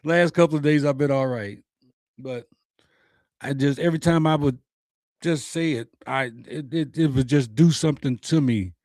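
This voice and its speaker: A man's voice: on the high side, normal speed, a little mellow, no echo. A man hosting his own show, delivering a personal, uplifting message in an earnest, preacher-like way with repeated phrases.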